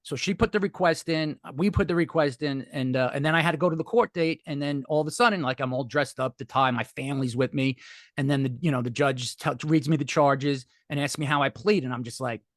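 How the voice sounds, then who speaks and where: A man's voice: on the high side, fairly quick, dry recording, clean studio sound. A man telling a candid, rambling story with frequent swearing and restarts, as a podcast guest. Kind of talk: casual storytelling.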